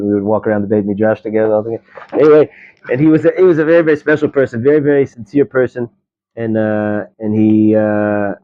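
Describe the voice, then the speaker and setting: Rabbi telling stories over a tinny line. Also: male voice, on the low side. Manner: chatty, digressive, many restarts and fillers. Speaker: rabbi teaching a class. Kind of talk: informal Torah class with storytelling. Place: study hall classroom. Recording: tinny phone-like live stream audio.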